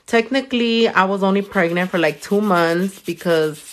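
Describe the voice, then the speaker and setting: A young woman, a nail technician chatting casually on a livestream while she works. She tells stories animatedly, swears freely and jumps into squeaky high voices. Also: normal speed.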